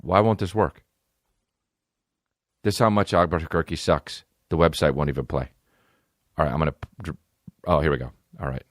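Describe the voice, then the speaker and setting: A man hosting a comedy podcast, ranting in a profane, animated way that swings from loud outbursts to low mutters. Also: moderate pace, long pauses, no room sound, clean studio sound.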